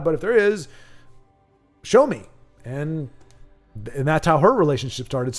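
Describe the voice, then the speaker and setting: A man's voice: fairly high pitch, a little mellow. A young man hosting a livestream, chatting casually with viewers and rambling with many restarts. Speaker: livestream host. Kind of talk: casual chat while streaming a card game.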